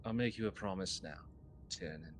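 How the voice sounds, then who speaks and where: Very deep-voiced, blunt man. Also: normal speed, a little hiss or hum. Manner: blunt and profane. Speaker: player. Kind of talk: tabletop role-play in character.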